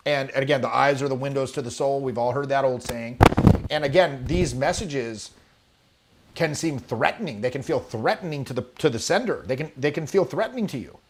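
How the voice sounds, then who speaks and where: A man teaching charisma to camera, lively and demonstrative, acting out examples and swearing casually. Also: mid-range voice, brisk, slight background noise. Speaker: charisma coach. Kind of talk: animated coaching talk to camera. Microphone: webcam or camera, video talk.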